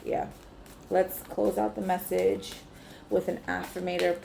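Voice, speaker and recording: A woman's voice: on the low side, little pitch movement, measured pace, gravelly, background noise. A woman giving a casual, chatty tarot reading, swearing freely and talking straight to her viewers. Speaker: tarot reader.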